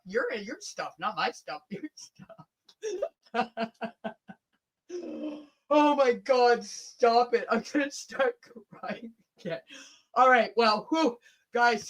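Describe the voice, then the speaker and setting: A woman co-hosting a casual livestream chat, loud and profane, teasing and laughing often. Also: fairly high pitch. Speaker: livestream co-host.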